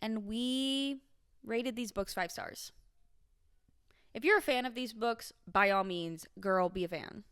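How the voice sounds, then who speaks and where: A woman's voice: on the high side, slow, fairly bright tone, smooth. A young woman in her twenties co-hosting a podcast in casual chat, chatty and self-mocking, laughing often. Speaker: podcast co-host.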